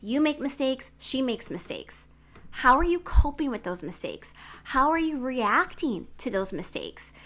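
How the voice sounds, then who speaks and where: Bright, forceful woman relationship coach. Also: high voice, sing-song, a little slow. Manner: candid, frank, swears freely. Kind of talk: direct-to-camera advice vlog.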